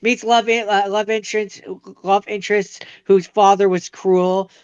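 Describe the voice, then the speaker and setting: Halting young man, smooth but muffled. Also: high voice, flat delivery. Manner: halting, many fillers and restarts. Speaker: podcast co-host. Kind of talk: casual chat.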